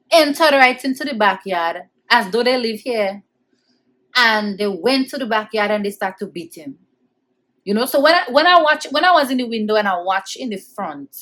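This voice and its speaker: A woman's voice: mid-range voice, fairly bright tone. A woman vlogger telling a personal childhood story in an emotional, conversational way, repeating phrases as she goes. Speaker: vlogger recounting childhood memories.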